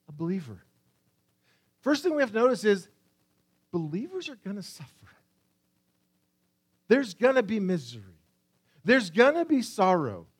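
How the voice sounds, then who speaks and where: A man preaching a sermon, reading scripture slowly and with emphasis, swinging between hushed lines and loud cries. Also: high voice, husky. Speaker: pastor.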